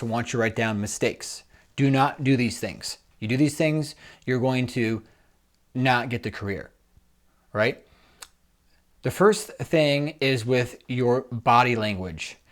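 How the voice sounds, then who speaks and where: A man gives direct interview coaching to camera in a steady, middle-pitched voice. He drives his points home with repeated instructions. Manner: direct, instructive, repeats "make sure" and "all right". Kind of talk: recorded coaching summary.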